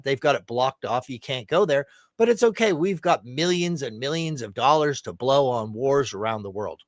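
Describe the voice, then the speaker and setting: A man's voice: fairly high pitch, no room sound. A middle-aged man from the United States giving ranting political commentary, profane and sarcastic, acting out the people he quotes. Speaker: show host.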